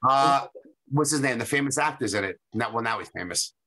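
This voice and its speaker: A man's voice: mid-range voice, a little fast. A man in casual chat, telling stories animatedly and acting out quotes. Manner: animated storytelling, acts out quotes.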